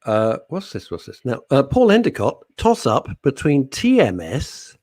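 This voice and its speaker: A man's voice: mid-range voice, huge pitch swings, unhurried, a little mellow, dry recording, studio quality. A man co-hosting a radio chat show, reading listener messages with jokey, teasing banter. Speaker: radio co-host.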